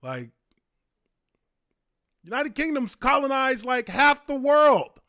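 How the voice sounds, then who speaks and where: A man in his thirties streaming a reaction to an old clip, blurting loud profane exclamations and laughing between remarks. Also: very high-pitched, very animated, slow pace, no echo, studio quality. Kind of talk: casual reaction commentary.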